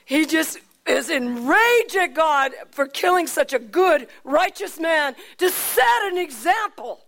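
A woman preacher telling a Bible story in a chatty, animated way with frequent laughs and asides. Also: sits high, slow. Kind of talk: sermon storytelling.

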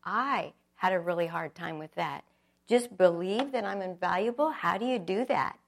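A woman's voice: mid-range voice, creaky. A middle-aged woman giving an earnest, reflective personal testimony, telling her story with acted quotes.

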